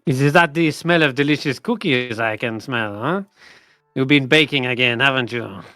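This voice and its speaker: A pompous male frog nobleman holds court with grandiose satisfaction in a tabletop game, voiced by a man. His voice sits a little raised and brighter than plain talk, in a dry room. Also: medium pitch, moderate pace, dry recording, soft background music, close to an everyday voice. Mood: fond. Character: pompous male frog duke, balloon inventor.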